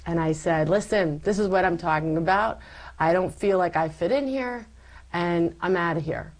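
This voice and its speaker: Woman guest, lowish voice, lively testimony storyteller who acts out her own old lines. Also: normal speed, rough recording. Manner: animated storytelling, acting out her own past words. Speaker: interview guest. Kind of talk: personal faith testimony.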